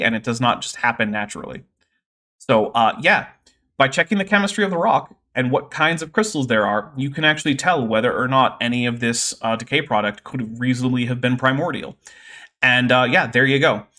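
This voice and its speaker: A man's voice: mid-range voice, a little fast, pushed and bright. A man hosting a livestream, explaining science in a casual, nerdy way with many fillers. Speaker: host.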